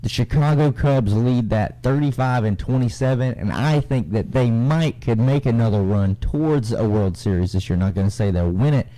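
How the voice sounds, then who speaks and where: A young man co-hosting a casual radio sports talk show, reading standings in a relaxed, drawling way. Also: medium pitch, normal speed, hardly any pauses, low-quality recording. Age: young adult.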